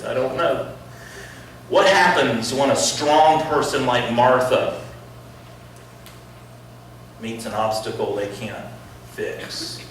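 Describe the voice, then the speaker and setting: A middle-aged man preaching in a school chapel, acting out quoted voices and swinging from loud to hushed. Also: on the high side, a little hiss or hum. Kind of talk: sermon. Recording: echoey hall voice from far off.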